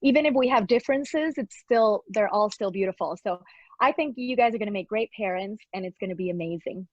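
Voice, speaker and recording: A woman's voice: medium pitch, a little fast, a little mellow, dry recording. A woman guest in a casual interview, talking in an effusive, upbeat way and laughing often. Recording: dull lo-fi dry sound.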